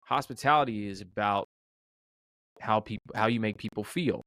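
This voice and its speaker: A middle-aged restaurant owner telling a story in a conversational interview, animated, acting out the dialogue, with many fillers and restarts. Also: male voice, fairly low pitch, moderate pace, dry recording. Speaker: restaurant owner, podcast guest.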